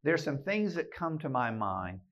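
A man delivers a fiery keynote sermon to an audience in a meeting room, pressing every point with emphasis. His voice sits a bit high, and he often restarts his words. The recording sounds muffled and lo-fi. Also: very animated, measured pace, a bit bright. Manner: emphatic, rallying, with many repeated word restarts. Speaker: keynote speaker and podcast host.

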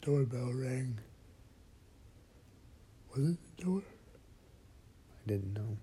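A man narrating a first-person horror story in a slow, hushed voice that often drops to a whisper. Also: mid-range voice, animated, slight background noise.

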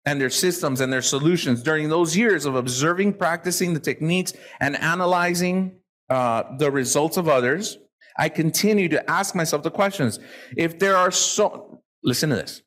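A man giving a live motivational talk to an audience, animated and profane, acting out the people he quotes. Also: a little high, normal speed. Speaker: motivational speaker.

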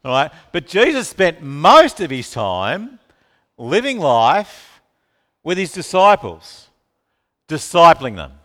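A man's voice: on the high side, slow. A man preaching a sermon, asking the congregation questions and calling on listeners by name. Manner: animated, asks the room questions, calls on listeners by name. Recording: long reverb of a hall.

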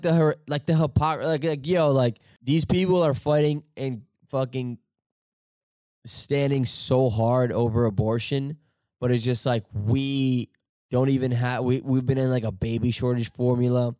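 A young man hosting a podcast, talking in a halting, profane, rambling monologue and laughing often. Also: mid-range voice, mellow, dry recording, studio quality. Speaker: podcast host.

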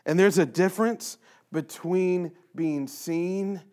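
High-voiced church guy, earnest, hammers the same phrase over and over. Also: slow pace, darkish tone, clear, resonant tone. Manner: earnest, emphatic, repeats phrases for stress. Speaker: church leader. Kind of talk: casual faith talk.

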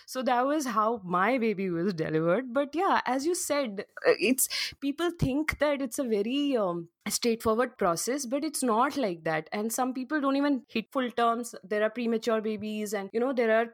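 A young woman podcast host candidly telling a personal story in casual conversation, with lots of fillers and animated retelling. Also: on the high side, normal speed, dry recording, clean studio sound.

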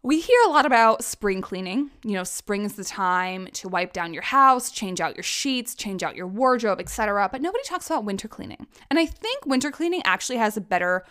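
A woman's voice: medium pitch, sing-song, a little fast, few pauses, fairly bright tone. A young woman hosting a casual solo podcast, talking in a chatty, sarcastic and profane way. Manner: chatty, profane, sarcastic, acts out quotes in mimicking voices. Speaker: podcast host.

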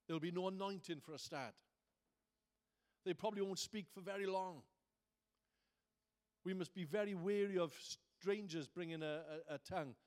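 High-voiced man preaching. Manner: conversational preaching, building to fervent emphasis. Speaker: pastor. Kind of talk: sermon.

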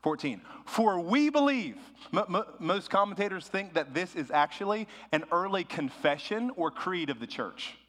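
A man, a pastor, preaching a sermon in a conversational way that rises into animated bursts of emphasis. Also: high voice, moderate pace, hardly any pauses, long reverb tail.

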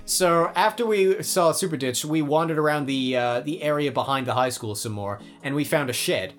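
A young man co-hosting a podcast, telling a story in an animated, jokey way and swearing often. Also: fairly high pitch, moderate pace, soft background music. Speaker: podcast co-host. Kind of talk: casual storytelling chat.

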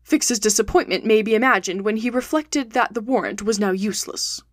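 A woman podcast host reading a classic adventure novel aloud in steady, clear audiobook narration. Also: on the high side, fairly quick, no room sound, studio quality.

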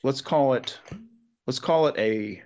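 A man's voice: mid-range voice, slow pace, a little mellow. Earnest man thinking aloud. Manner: earnest and thoughtful, with frequent restarts. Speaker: guest author. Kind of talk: conversational podcast interview.

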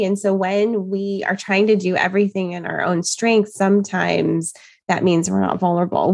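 A woman co-hosting a podcast, talking over ideas in a thoughtful, reflective way. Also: mid-range voice. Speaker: podcast co-host. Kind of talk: casual podcast chat.

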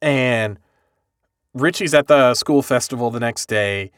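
A man co-hosting a podcast, recapping an anime in casual chat, animated and swearing freely. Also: medium pitch, a little slow, smooth, dry recording, studio quality. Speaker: podcast co-host.

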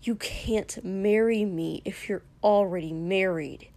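A woman's voice: medium pitch, a little slow, a little mellow, close to an everyday voice. A woman voicing a formal, indignant young prince in a fantasy story.

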